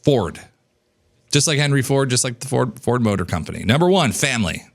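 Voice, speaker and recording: An animated man in his thirties coaches an audience in a loose, conversational way. His pitch sits in the middle of the usual male range, and he breaks into livelier, higher-pitched voices when he acts out how people talk. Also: a little fast, gravelly. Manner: animated, acts out dialogue in a higher voice, casual swearing. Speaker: business coach. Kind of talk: energetic casual teaching.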